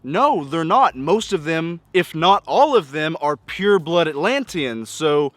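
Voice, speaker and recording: Exasperated man with a higher voice. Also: big pitch swings, unhurried, dry recording. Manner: exasperated, nitpicking, piles up rhetorical questions. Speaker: film reviewer. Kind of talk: casual spoken movie review.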